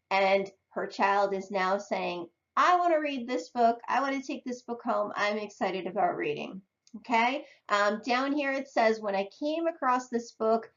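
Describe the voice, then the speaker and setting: A woman who teaches reading, explaining step by step to parents and often checking in with "okay". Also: a little high. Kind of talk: instructional talk to parents. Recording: dull lo-fi sound.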